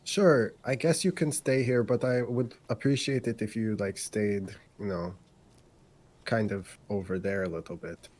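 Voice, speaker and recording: A man's voice: on the low side, measured pace, a little mellow. A man playing a tabletop game, talking in character in a hesitant, sarcastic way. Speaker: player.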